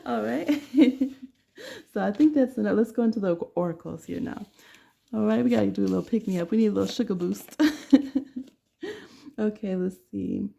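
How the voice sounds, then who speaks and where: A woman's voice: mid-range voice, fairly quick, gravelly, pauses often, dark tone. A woman giving a casual tarot reading to camera with a blunt, playful way of talking. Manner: blunt, playful, laughs often. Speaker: tarot reader.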